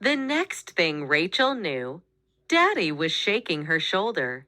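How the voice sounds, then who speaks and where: A woman reading a children's picture book aloud, with expressive, animated storytelling. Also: on the low side, takes it slowly, no room sound, clean studio sound. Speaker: storybook reader.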